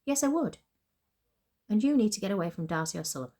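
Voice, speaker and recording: A woman's voice: medium pitch, lively intonation, fast, warm tone. A woman voicing a blunt, caring female friend and boss who pushes hard and talks matter-of-factly. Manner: pushy, insistent, matter-of-fact.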